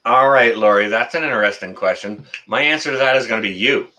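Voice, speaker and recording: A man's voice: mid-range voice, fast talker, sharp tone. A middle-aged man, hosting a casual live stream, reading the chat and answering viewers by name in a folksy, teasing way.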